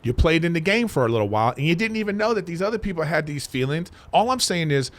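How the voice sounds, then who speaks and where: A man's voice: on the high side, very animated, fast. A man appearing as a comedian guest on a podcast, talking in casual chat, emphatic and swearing freely.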